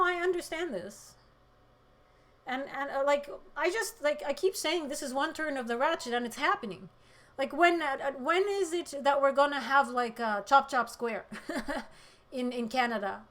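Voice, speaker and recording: A woman hosting a political livestream, reading chat comments and speaking with emotion, close to tears, shifting between loud outbursts and quiet moments. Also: high voice. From Middle East.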